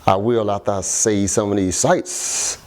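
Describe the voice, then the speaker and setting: A man's voice: fairly low pitch, steady tone, a little slow. A man performing stand-up about his son, acting out the voices of the people in his stories. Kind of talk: stand-up comedy set.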